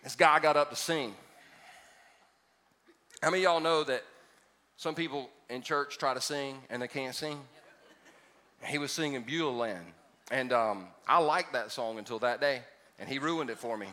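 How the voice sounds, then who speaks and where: A man's voice: medium pitch, moderate pace, pauses often, sharp tone, long reverb tail. A man preaching a sermon as pastor to a congregation, telling funny stories and building to emphatic exhortation. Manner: humorous storytelling, rising to emphatic exhortation. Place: church auditorium before a congregation.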